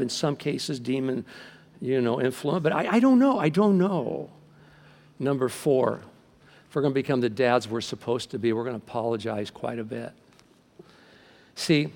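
A man's voice: medium pitch, vocal fry. Middle-aged male pastor preaching in a reverberant hall. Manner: animated storytelling, acting out quoted voices. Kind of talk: sermon. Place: large church hall. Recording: long reverb from a large hall.

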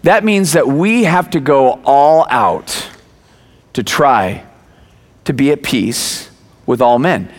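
A man in his forties, a pastor preaching a sermon, telling stories with lively acted-out voices and sudden raised words. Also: medium pitch, takes it slowly, pauses often. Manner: animated storytelling, acts out quoted voices, bursts of raised voice.

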